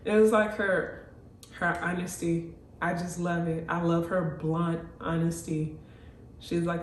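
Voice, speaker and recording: Animated, blunt woman, echoey room. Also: lowish voice, unhurried, recorded from a distance, slight background noise. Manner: animated, blunt, swears freely. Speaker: TV recap vlogger. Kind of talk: casual TV recap chat.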